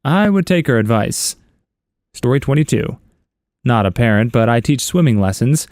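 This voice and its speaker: A man's voice: mid-range voice, lively intonation, moderate pace, darkish tone, no echo. A man reading internet stories aloud, chuckling and adding wry asides on a close voice-over mic. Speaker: story narrator.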